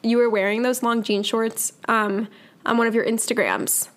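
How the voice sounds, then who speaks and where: A woman's voice: fairly high pitch, little pitch movement, normal speed, a bit bright. A young woman in her twenties co-hosting a podcast, playful and teasing in casual chat. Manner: playful, teasing, calls her friend "bud". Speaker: podcast co-host.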